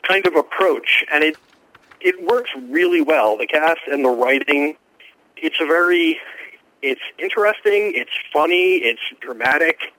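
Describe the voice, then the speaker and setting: Brief: male TV critic guest, brisk enthusiastic explainer, dry close sound. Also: medium pitch, a bit bright, dry recording, low-quality recording. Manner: quick, informed, enthusiastic explaining. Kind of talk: radio interview answers.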